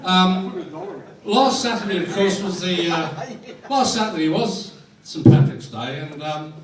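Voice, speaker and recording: High-voiced man telling deadpan jokes to a crowd. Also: a little slow, far from the mic. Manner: dry, deadpan joke delivery. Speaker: fines master at a club dinner. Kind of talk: joke-telling fines session. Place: function room with audience. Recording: roomy hall recorded from afar with crowd.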